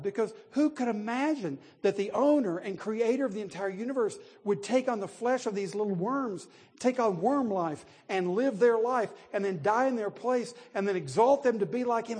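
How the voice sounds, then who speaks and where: A man with a high, husky voice preaches a sermon in a hall with long reverb. His delivery is animated and emphatic, rising to loud peaks, with chuckles between points as he talks straight to his listeners. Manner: laughs between points, addresses listeners directly.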